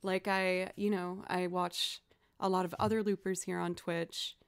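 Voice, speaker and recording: A woman's voice: lowish voice, little pitch movement, unhurried, clean tone. Woman, musician live-streamer, easygoing chat, talks through what she's doing. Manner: chatty, thinking aloud while playing. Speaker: live-streaming violinist and looper.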